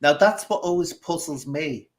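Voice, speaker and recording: A man's voice: on the high side, moderate pace, low-quality recording. Reflective man hosting a casual chat. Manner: reflective, loosely strung questions. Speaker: host.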